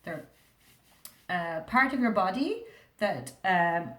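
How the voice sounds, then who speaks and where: A woman with an Irish accent teaching a primary school reading lesson, sounding out words slowly and asking the class many questions. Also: fairly low pitch, expressive, a bit bright, reverberant. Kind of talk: recorded remote reading lesson.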